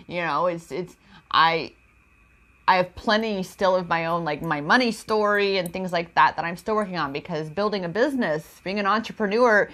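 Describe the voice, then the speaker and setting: Woman, empowerment coach, slightly low voice, raw and confiding spiritual vlog monologue. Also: moderate pace, fairly bright tone. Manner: emotional, confiding, addresses viewers as goddess; spiritual self-help talk.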